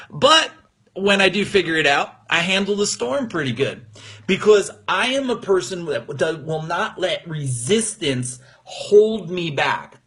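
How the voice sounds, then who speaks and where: A man with a fairly high, husky voice gives a motivational talk on a live call. He speaks with emphatic energy, as a coach rousing his audience. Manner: energetic, emphatic, gets emotional. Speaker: business coach. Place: his room at home.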